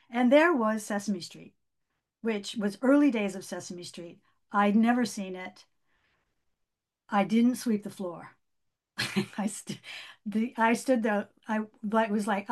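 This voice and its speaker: An older woman, a guest in an interview, recounts her career in a halting, conversational way full of restarts and fillers. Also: mid-range voice, a little mellow. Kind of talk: conversational storytelling.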